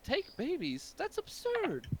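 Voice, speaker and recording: A man putting on a high fussy old shopkeeper. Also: wildly swooping pitch, takes it slowly, background noise, exaggerated voice. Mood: polite. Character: fussy older male shopkeeper in silks, polite.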